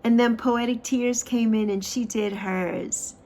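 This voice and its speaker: A woman in her sixties hosting a spiritual livestream, giving an uplifting tarot card reading and chat, repeating phrases and stretching words for emphasis. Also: a little hiss or hum. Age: 60s. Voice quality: expressive, swings pitch and loudness for emphasis. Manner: repeats phrases, drawn-out affirmations.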